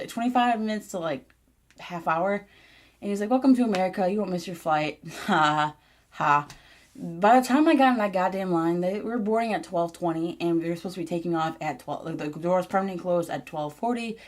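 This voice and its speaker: A woman's voice: fairly low pitch, darkish tone. A young woman from Michigan telling a travel story as a casual storytime vlog, swearing often and filling her talk with "like". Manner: frustrated, profane, rambling with many "like"s. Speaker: vlogger.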